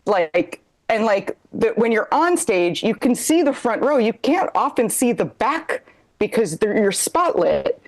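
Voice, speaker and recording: A woman's voice: fairly high pitch, very animated, unhurried. A woman co-host telling a rambling, self-deprecating comedic story, often laughing through her lines.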